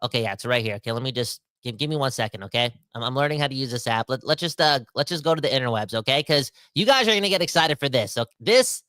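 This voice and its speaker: A young man hosting a casual podcast, rambling and animated, swinging between fired-up outbursts and quieter asides. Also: medium pitch, fast talker, hardly any pauses, clear, resonant tone, no echo. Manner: rambling with frequent restarts and self-corrections. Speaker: podcast host. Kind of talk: casual ranting podcast talk.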